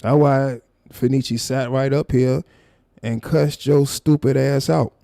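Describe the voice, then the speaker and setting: A man's voice: medium pitch, steady tone, unhurried, gravelly, dark tone, dry recording, clean studio sound. A man hosting a live stream, confrontational and profane, calling someone out in a heated rant.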